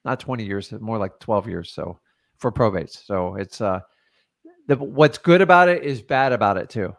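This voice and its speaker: A man coaching on real estate in a casual, blunt and animated way, taking live questions and peppering his talk with "like" and "man". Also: on the low side, normal speed, gravelly.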